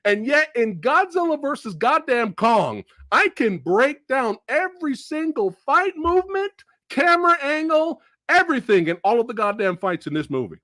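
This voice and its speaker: A man hosting a film review show, ranting with big swings in pitch and loud, profane outbursts. His voice sounds close and dry, with almost no room echo. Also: normal speed, hardly any pauses. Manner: animated, profane, shouting bursts. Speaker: movie review host. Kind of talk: excited film review rant.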